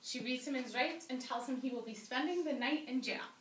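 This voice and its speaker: A woman telling a comic story live with an animated, playful delivery. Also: high-pitched, a little fast. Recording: roomy, distant live-stage mic.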